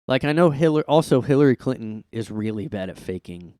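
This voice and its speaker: This podcast host talks fast and animated in a mellow, medium-pitched voice with no echo. Alone in his room on a close mic, he rambles, curses, and leans heavily on "like."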